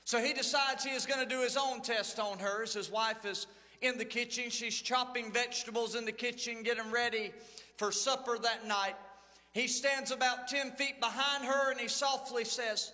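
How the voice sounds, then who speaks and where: High, bright-voiced preacher man. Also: steady tone, normal speed, long reverb tail. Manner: folksy storytelling with dramatic Bible reading. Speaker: lead pastor. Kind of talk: sermon. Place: church sanctuary.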